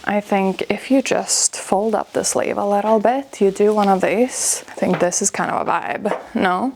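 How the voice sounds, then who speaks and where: A chatty young fashion vlogger with a medium-pitched, slightly mellow voice speaks unhurriedly in her home wardrobe room, with slight background noise. Trying on clothes leaves her breathy and a little out of breath as she gushes through a casual vlog, packed with fillers and constant "like"s.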